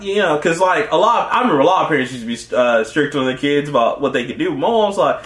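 Guy cohosting, lively voice jumping all over, laughs a lot, echoey room. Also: fast, few pauses. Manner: animated, laughs often, acts out quotes in high voices. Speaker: podcast co-host. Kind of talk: casual chat.

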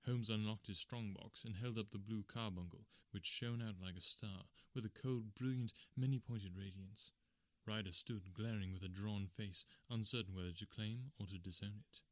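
A man narrating an audiobook in a steady, measured reading. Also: lowish voice, dry recording.

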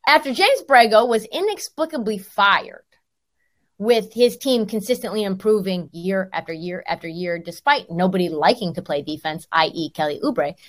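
A woman hosting a sports podcast, hoarse from laryngitis, telling stories in a chatty, self-deprecating way. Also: medium pitch, animated, normal speed. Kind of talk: casual sports talk.

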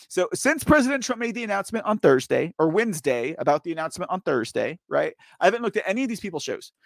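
A man's voice: high voice, sing-song, fast, gravelly, hardly any pauses, no room sound, studio quality. A man hosting a political talk show, riffing loosely and uncensored between articles he reads aloud. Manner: loose, uncensored, riffing asides with frequent okay and right. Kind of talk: opinionated political commentary, reading articles aloud.

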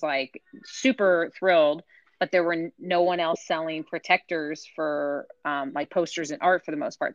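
Low-voiced woman chatting on a podcast. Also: no room sound, highs cut off. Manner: chatty and explanatory, thinks aloud. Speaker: podcast panelist. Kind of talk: casual podcast chat.

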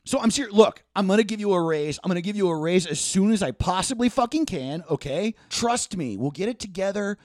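A smug, fake-caring boss played by a man pleads with his workers in a bouncy, high voice. He keeps insisting he's serious, mock-sincere and wheedling. The sound is close and dry. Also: animated, a little fast, few pauses, a little mellow, no echo. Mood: insistent. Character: smug male donut shop owner, fake caring boss.

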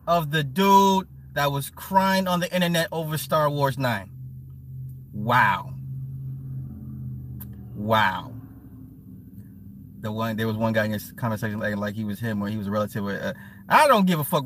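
A man hosting a casual livestream, reading chat aloud and riffing with loud laughs, mockery and swearing. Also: on the high side. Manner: animated, laughing, mocking, swearing.

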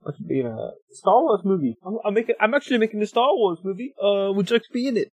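A man putting on a New Zealand accent to play a breezy filmmaker pitching a movie role. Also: expressive, fast talker, husky, no room sound, full character voice. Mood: cheeky. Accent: New Zealand, put on.

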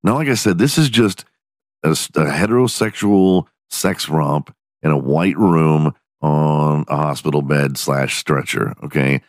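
A man's voice: very deep voice, measured pace, dry recording, clean studio sound. A man hosting a podcast, giving crude comedic commentary, swearing freely and laughing often as he mocks a clip. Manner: profane, laughing often, mocking. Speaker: podcast host.

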